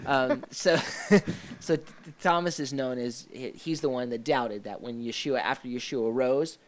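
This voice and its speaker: A man's voice: medium pitch, unhurried. A man hosting a casual live faith discussion, speaking with many fillers and restarts and sounding keen about the scenes he recalls. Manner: enthusiastic about the scenes he describes. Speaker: host of a faith discussion show.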